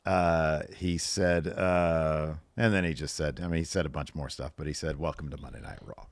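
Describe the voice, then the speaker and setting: A man's voice: rumbling low, fairly even intonation, normal speed, dry recording. A man co-hosting a podcast, casually recapping a wrestling show and quoting lines with a raised voice. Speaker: podcast co-host.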